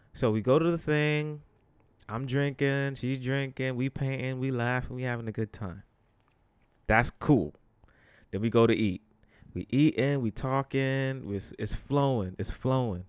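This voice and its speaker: A man's voice: medium pitch, no echo. A young man hosting a podcast, telling a story in a casual, emphatic, slangy way and swearing freely. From the Bronx, New York. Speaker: podcast host.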